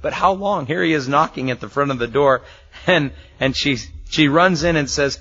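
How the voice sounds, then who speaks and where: A man's voice: medium pitch, fairly quick, a bit bright. A man preaching in a conversational way, teaching through a Bible passage verse by verse and acting out the people in the story. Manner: conversational, acts out quoted voices, chuckles often. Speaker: pastor. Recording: muffled lo-fi sermon recording.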